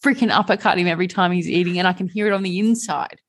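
Aussie woman cohosting a podcast, lowish voice, blunt and sweary. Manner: blunt, swears, quick to agree. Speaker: podcast co-host. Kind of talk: casual podcast chat.

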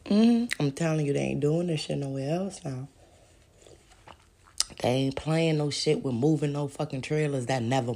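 A woman's voice: low-pitched, warm tone, breathy edge. A woman, hosting a podcast and delivering a profane, heated monologue full of rhetorical questions. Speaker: podcast host.

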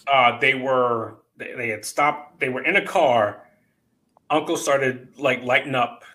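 Guy hosting a podcast, bright voice, swears a lot, tells stories. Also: medium pitch, measured pace. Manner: swearing, animated storyteller. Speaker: podcast host. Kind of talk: casual chat.

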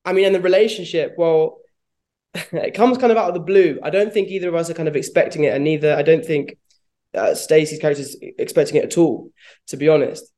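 A man's voice: fairly high pitch, fairly quick, mellow. A man, an actor answering interview questions in a reflective, rambling way, with frequent laughs. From London, England. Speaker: actor guest.

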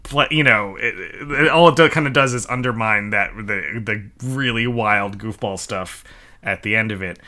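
Podcast guest: man, bright voice, rambling chat with restarts. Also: on the low side, moderate pace. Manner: rambling, many restarts and laughs. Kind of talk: casual podcast discussion.

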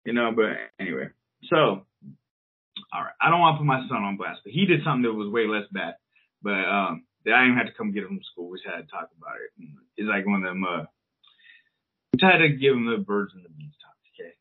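A thirties-aged man co-hosts a podcast, his low-leaning, husky voice animated and fairly quick. He rambles through a long story full of swearing and filler words in casual chat. The audio sounds tinny, almost like a phone line.

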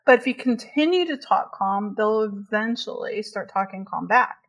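Woman, casual podcast chat, chatty and filler-heavy, laughs easily, mid-pitched voice. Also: lively intonation, normal speed.

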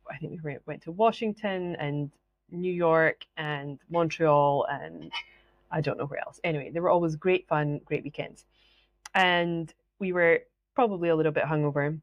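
In a dry recording with the highs cut off, a low-voiced Scottish woman hosts a solo podcast. She chats her way through stories, laughs a lot, and gives voice to the people she quotes.

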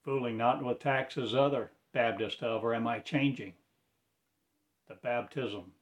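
Man, spoken-word performer; slow, halting, incantatory delivery in broken preacher-like phrases, mid-pitched voice.

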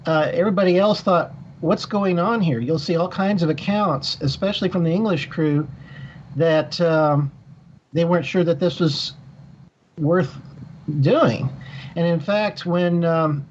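A man's voice: on the high side, a little slow, a little mellow, a little hiss or hum. A man talks through a long answer in a slightly raised voice, full of ums, uhs and restarts. His sound is a bit dull and muffled. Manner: rambling, many fillers and restarts. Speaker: author guest. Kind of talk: conversational interview.

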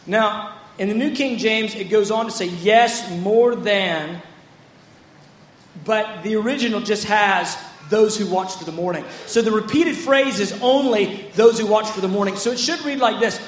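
A man's voice: high voice, normal speed, reverberant. A man preaching a sermon in a conversational way, often acting out quotes from scripture. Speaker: pastor.

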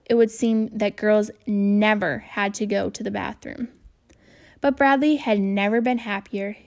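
A woman reading a children's novel aloud, steady and even in her storytelling. Her voice sits at an ordinary middle pitch with a noticeable gravelly fry. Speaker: audiobook reader.

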